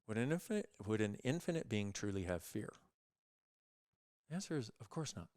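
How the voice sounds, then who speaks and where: A man appearing as a guest, telling stories in an animated way and acting out other people's voices as he goes. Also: fairly low pitch, brisk, dry recording, studio quality. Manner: acts out other people's voices in lively quoted dialogue. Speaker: guest speaker on consciousness. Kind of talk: animated storytelling in conversation.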